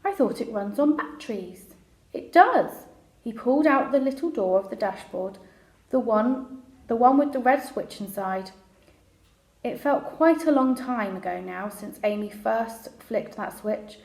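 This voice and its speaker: A woman's voice: on the high side, unhurried. Woman reading a children's book aloud. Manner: relaxed, conversational reading with small restarts. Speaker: storyteller. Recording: roomy echo.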